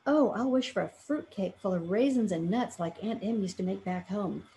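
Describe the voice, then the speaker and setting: A woman's voice: medium pitch, moderate pace, mellow, a little hiss or hum, lightly acted. A woman doing eager little Dorothy. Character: eager young girl Dorothy, sweet and earnest.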